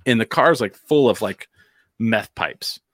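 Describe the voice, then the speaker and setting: A man's voice: lowish voice, animated, unhurried, fairly bright tone, a little hiss or hum. A man from New Mexico telling a long story in casual chat, rambling with fillers and acting out quotes.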